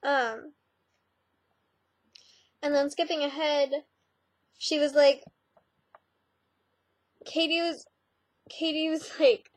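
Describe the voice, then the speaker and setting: A woman's voice: high-pitched, steady tone, slow, long pauses, dry recording. A teenage girl vlogging in a casual, sarcastic rant, full of "like" and "um". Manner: chatty, sarcastic, many "like"s and "um"s.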